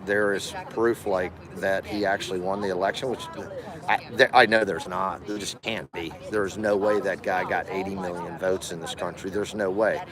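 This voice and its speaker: A man's voice: low-pitched, steady tone, normal speed. A man livestreaming from a protest, combatively calling out passersby and daring them to come and debate. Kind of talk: livestream commentary. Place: outdoors at a rally by a capitol building. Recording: outdoor rally crowd noise.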